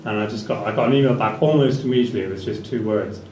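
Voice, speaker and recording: Performing stand-up in a small comedy venue, a man rambles dryly with fillers, speaking very fast in a lowish, darkish voice. The room is echoey, he's picked up from a distance, and faint ambient noise lies beneath.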